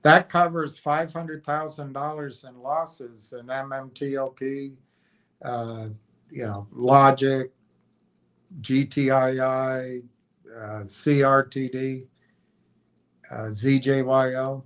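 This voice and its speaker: A man hosting a livestream in a casual chat, reading out viewer comments with many fillers and trailing pauses. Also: medium pitch, fairly even intonation, a bit bright. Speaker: livestream host.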